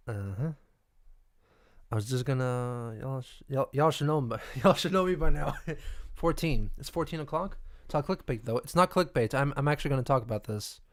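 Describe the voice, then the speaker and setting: A man hosting a casual live stream, rambling and stammering as he reacts to the chat. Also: mid-range voice. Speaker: livestream host.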